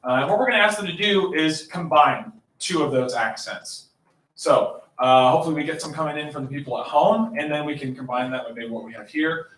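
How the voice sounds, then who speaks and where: A man's voice: a little high, a little fast, fairly bright tone. A man hosting a live improv comedy night, upbeat and chatty, laughing easily as he sets up games. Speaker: improv show host. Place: small coffee shop stage. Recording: roomy distant mic with faint noise.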